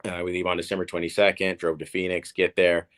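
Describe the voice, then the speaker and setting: Man, low voice, from Oklahoma, casual interview guest, rambling, lots of fillers and restarts. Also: completely flat delivery, fast talker, fairly bright tone. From Oklahoma, USA. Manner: rambling, repeats words, many fillers. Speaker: guest, professional tennis player.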